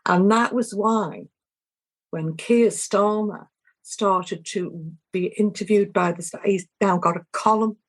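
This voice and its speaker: An older woman with a Liverpool accent, an activist speaking with passion in an interview, halting and restarting often. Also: medium pitch. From England. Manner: impassioned, halting, with frequent restarts. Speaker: activist guest. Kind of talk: emotional interview testimony.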